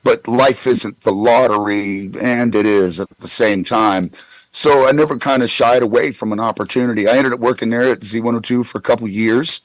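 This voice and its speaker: A man's voice: medium pitch, moderate pace, no echo, rough recording. A man in his forties who tells rambling anecdotes with stammered restarts in a casual interview. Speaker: guest voice actor.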